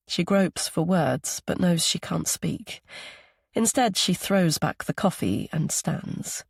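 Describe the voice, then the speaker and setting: A man narrating an audiobook thriller in a steady, even storytelling voice. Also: fairly high pitch, slow pace, vocal fry, husky, no echo, studio quality. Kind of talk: scripted narration.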